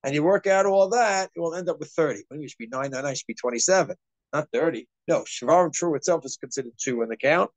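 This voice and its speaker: Animated rabbi teaching a class. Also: male voice, fairly high pitch, no echo. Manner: animated, quick, acts out scenes in asides. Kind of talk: informal Torah class.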